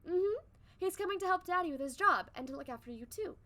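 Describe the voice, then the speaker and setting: A woman's voice: very high-pitched, expressive, quick pace, sharp tone, pitched above the performer's own voice, full character voice. A woman voicing a cheerful housewife mother in a sing-song, motherly tone while reading a story.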